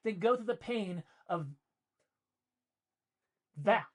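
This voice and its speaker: A man's voice: sits high, takes it slowly. Emphatic middle-aged man telling a personal story. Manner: emphatic, repeats key points for effect. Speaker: podcast co-host.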